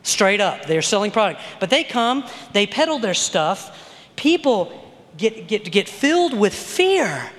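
A man's voice: sits high, sing-song, a little slow, a bit bright, long reverb tail, a little hiss or hum. A middle-aged man preaching a sermon as a pastor, in a conversational style that keeps checking in with "okay?" and "all right?". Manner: conversational preaching with frequent "okay?" tag questions.

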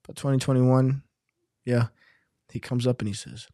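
A man's voice: medium pitch, steady tone, moderate pace, long pauses, warm tone, no room sound. Male podcast host, medium voice, casual and teasing, dry close mic. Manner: teasing, storytelling. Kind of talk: casual chat.

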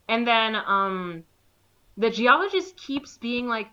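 Bright lively woman recapping a movie. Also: fairly high pitch. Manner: animated storytelling, acting out characters with quick quoted lines. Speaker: podcast co-host recapping a movie. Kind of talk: casual chat. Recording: slightly dull lo-fi recording.

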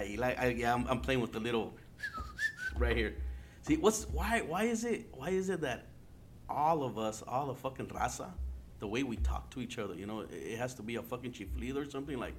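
A man's voice: mid-range voice, background noise. A man from Arizona hosting his own podcast in casual solo talk, rambling, heavily profane and joking at himself, with Spanish slang dropped in. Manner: loose, joking and laughing at himself. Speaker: podcast host.

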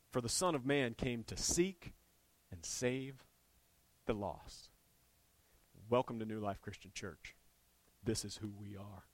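A male pastor delivering a sermon, moving from easygoing storytelling to impassioned, near-shouted appeals to the congregation. His voice sits in an ordinary middle register. The sound is dry and close, with little room echo. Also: mid-range voice, measured pace, pauses often. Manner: animated, rising to impassioned shouting.

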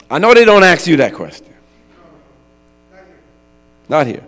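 Male pastor, high voice, slow unhurried sermon, long hall reverb, low mains hum. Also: huge pitch swings, fairly bright tone, soft background music. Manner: conversational preaching with frequent rhetorical "right?".

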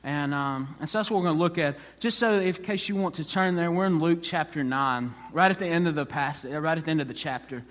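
A man's voice: a little high, quick pace, hardly any pauses, a bit bright, big-room sound. A man preaching a conversational sermon, restarting often and acting out the people in the story. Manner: conversational, restarts often, acts out quoted speech. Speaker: pastor.

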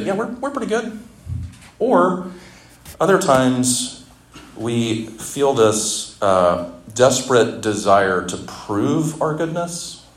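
A middle-aged man giving a conversational, humorous sermon at a conference, with casual asides. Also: on the low side. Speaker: campus ministry speaker. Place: conference hall. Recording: roomy hall echo.

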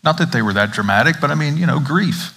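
A man's voice: a little high, animated, quick pace, fairly bright tone, breathy edge. Southern American man preaching a sermon. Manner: conversational, asks the congregation questions. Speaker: pastor.

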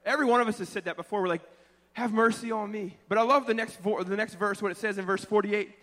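A man in his thirties, a pastor preaching a sermon, swinging between hushed pleading and loud shouting. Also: sits high, steady tone, quick pace. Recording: long church reverb.

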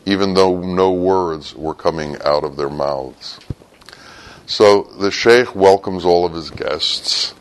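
Man preacher, very low voice, sermon storytelling that rises into sudden emphatic bursts. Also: slow, poor audio. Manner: swings from low and quiet to sudden loud, high bursts.

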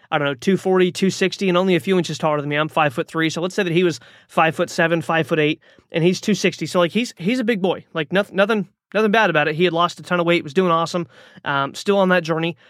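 A man's voice: a little high, quick pace, a bit bright, no room sound, studio quality. A man hosting a podcast, telling a personal story in a motivational monologue, talking casually with lots of fillers and restarts. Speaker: podcast host.

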